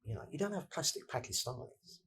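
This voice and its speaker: A man makes his point earnestly, with some hesitation. His voice is husky and moves expressively up and down. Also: mid-range voice, big pitch swings, a little fast, pushed and bright. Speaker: interviewee. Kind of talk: conversational opinion.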